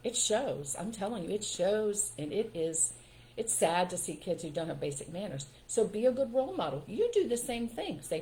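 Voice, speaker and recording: An older woman hosting a live stream, giving parenting advice in a relaxed, emphatic way and acting out what to say to children. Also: medium pitch, normal speed, slight background noise. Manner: emphatic and instructive, acts out what parents should say.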